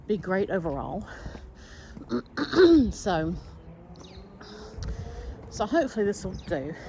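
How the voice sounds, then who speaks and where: A woman's voice: mid-range voice, background noise. A woman in her forties talking candidly in a personal vlog, rambling with many fillers. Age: 40s. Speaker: vlogger.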